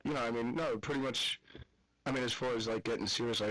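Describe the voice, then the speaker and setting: A man's voice: mid-range voice, quick pace, a bit bright, dry recording, rough recording. A man with a Southern US accent chatting casually as a guest on a radio call-in show, rambling and laid-back. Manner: loose, rambling, laid-back with lots of fillers. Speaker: guest musician. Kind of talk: casual on-air interview.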